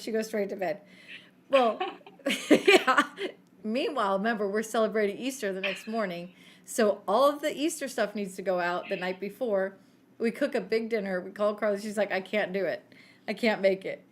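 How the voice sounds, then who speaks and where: A woman's voice: medium pitch, normal speed. A woman co-hosting a podcast, telling a story in a casual chat and laughing often. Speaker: podcast co-host.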